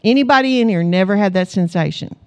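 A woman's voice: medium pitch, quick pace. A middle-aged woman preaching a sermon, telling family stories with laughter and calling the congregation to answer amen. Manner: animated storytelling, calls the congregation for amens; laughs often as she tells stories.

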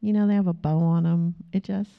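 A woman's voice: fairly low pitch, steady tone, a little fast, creaky. A woman preacher giving a chatty, storytelling sermon with asides to the congregation, recorded on a dull lo-fi recording. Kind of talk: conversational sermon.

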